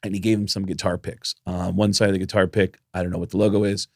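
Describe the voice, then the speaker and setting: A man's voice: low-pitched, little pitch movement, fast, dry recording, clean studio sound. A middle-aged man co-hosting a podcast, telling a long story in casual chat, acting out the voices of the people he quotes and swearing now and then. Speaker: podcast co-host.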